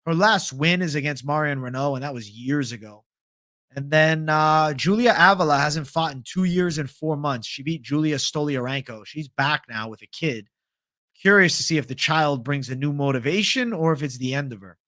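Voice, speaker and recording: Young male stream host, slightly high pitch, dry close mic, loose profane chat. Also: moderate pace, pushed and bright, no room sound. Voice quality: casual, profane, reads chat aloud. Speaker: MMA livestream host. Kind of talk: casual livestream fight picks chat.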